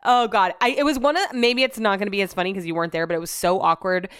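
A woman's voice: mid-range voice, quick pace, clean tone, dry recording, clean studio sound. A woman hosting her own show, telling stories in a rambling, casual way, full of "like" and swearing. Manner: chatty, rambling, heavy use of "like" and swearing. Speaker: podcast host. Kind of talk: casual storytelling chat.

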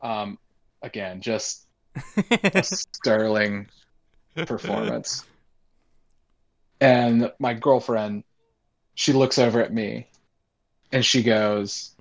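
A man's voice: on the low side, fairly even intonation, slow, vocal fry, pauses often. A man in his twenties telling a long personal story in casual talk, rambling with many fillers.

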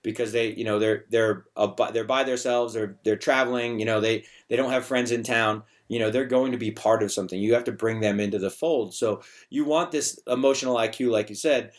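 A man's voice: fairly low pitch, steady tone, a little fast, few pauses. A middle-aged man in a casual podcast conversation, talking about his bar in a chatty, storytelling way, full of restarts and fillers. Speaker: bar owner and bartender guest.

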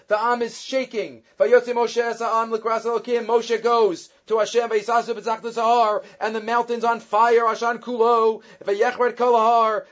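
High-pitched man teaching Torah, animated. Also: dull audio. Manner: quick, animated, mixing Hebrew quotes with English explanation. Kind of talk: weekly Torah class.

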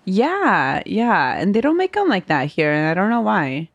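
A woman's voice: medium pitch, sing-song, moderate pace, dry recording, highs cut off. A young woman hosting a podcast, telling a rambling story with lots of fillers and laughs. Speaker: podcast host. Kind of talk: casual podcast chat.

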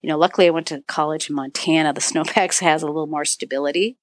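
In a dry recording, a middle-aged woman from northern Michigan speaks fast in a deep, steady voice. She's a podcast guest, an author and avalanche dog handler, telling a search-and-rescue story in a storytelling interview, acting out quoted dialogue and saying "you know" a lot.

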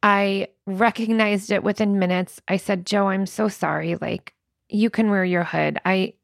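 A woman's voice: mid-range voice, steady tone, unhurried, creaky, no room sound, studio quality. A woman co-hosting a podcast, talking openly and casually about her marriage and family, often laughing as she speaks. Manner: candid and confessional, laughs often. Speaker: podcast co-host. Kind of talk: casual chat.

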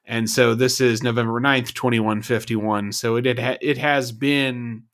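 A man chatting casually as a podcast co-host, lively and jokey in his delivery. His voice sits at an ordinary male pitch. He is relaxed and conversational. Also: measured pace. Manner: animated, jokey, puts on whiny mock voices. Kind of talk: casual chat.

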